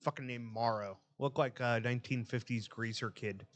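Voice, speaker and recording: A man swaps stories on a casual podcast. He is profane and animated and jumps into other people's voices as he tells it. His voice sits in an ordinary middle range. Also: mid-range voice, moderate pace. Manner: profane, animated storyteller acting out quotes. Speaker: podcast co-host. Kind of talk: casual storytelling chat.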